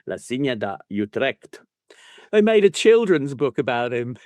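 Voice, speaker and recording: A man's voice: mid-range voice, big pitch swings, measured pace, darkish tone, no echo, clean studio sound. A man co-hosting a football book podcast, mocking and swearing as he laughs through the chat. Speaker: podcast co-host. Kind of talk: casual chat.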